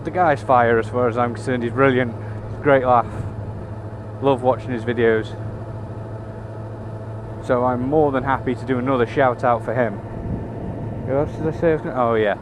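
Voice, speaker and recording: A man's voice: mid-range voice, steady tone, moderate pace, long pauses. Man chatting from his motorbike. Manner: swears freely, chatty and wry. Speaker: motorcycle vlogger. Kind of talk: casual chat while riding. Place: on a motorbike in city traffic. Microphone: helmet camera mic. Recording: road and engine noise.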